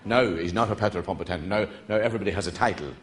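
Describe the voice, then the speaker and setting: A man's voice: low voice, racing. An Irish man telling jokes in a rambling stand-up style, wandering off into side stories and chuckling through them. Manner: digressive, chuckling through his own stories.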